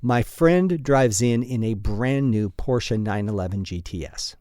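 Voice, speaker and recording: A man's voice: fairly low pitch, lively intonation, unhurried, few pauses, dark tone, no room sound, clean studio sound. A man hosting a casual solo podcast, talking bluntly with a lot of swearing, chuckling often and poking fun at himself. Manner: blunt and profane, with frequent chuckles; self-deprecating storyteller. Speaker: podcast host.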